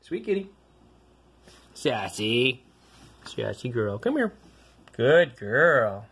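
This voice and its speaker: A woman's voice: rumbling low, big pitch swings, drawn-out words, breathy edge. A woman filming her cats at home, coaxing and calling them in a sing-song baby-talk voice. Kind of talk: cooing baby talk to pets. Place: house with pets.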